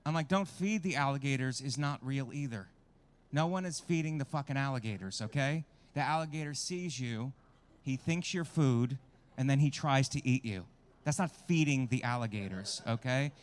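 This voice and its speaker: A man's voice: medium pitch, normal speed. A man performing a stand-up comedy set with crude, self-mocking crowd work, at a small outdoor show.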